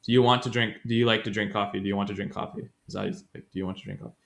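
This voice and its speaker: A man's voice: lowish voice, fairly even intonation, racing, gravelly, fairly bright tone. A man co-hosting a casual podcast, chatting his way through a language grammar lesson and often correcting himself mid-sentence. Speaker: podcast co-host.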